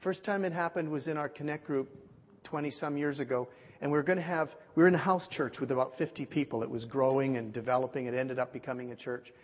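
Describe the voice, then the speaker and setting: A man preaching and telling stories, acting out the dialogue with lively shifts. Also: mid-range voice, fast. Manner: animated storyteller, acts out dialogue. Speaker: pastor. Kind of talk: sermon storytelling. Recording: muffled sound with long hall reverb.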